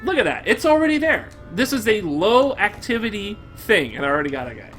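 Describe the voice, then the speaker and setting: A young man streaming a game live, commenting in an excitable, profane way and bursting into shouts. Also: high voice, brisk, faint music behind.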